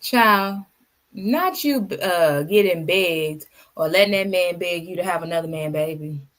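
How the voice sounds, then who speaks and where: Sarcastic woman reacting with quick asides. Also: fairly low pitch, a bit bright. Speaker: reaction channel host. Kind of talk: sassy commentary.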